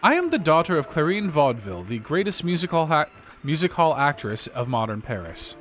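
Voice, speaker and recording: A man's voice: on the high side, very animated, fairly quick, fairly bright tone, faint music behind. A man voicing a haughty teenage French schoolgirl who talks in grand, theatrical, oddly broken phrases, without a French accent, for a game playthrough.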